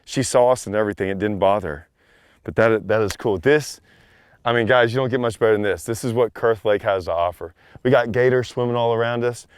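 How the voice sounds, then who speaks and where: A man, a fishing show anchor, talking excitedly and out of breath on a boat outdoors. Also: on the low side, brisk, smooth, no echo. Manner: excitable, shouting with joy. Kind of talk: excited on-camera fishing talk.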